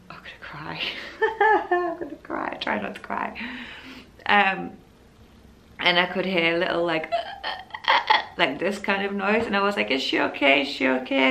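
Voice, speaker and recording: Young woman, bright forward tone, low-pitched, emotional candid vlog storytelling. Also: slight background noise. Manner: emotional, candid, rambling with restarts. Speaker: vlogger telling her birth story. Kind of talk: casual personal storytelling.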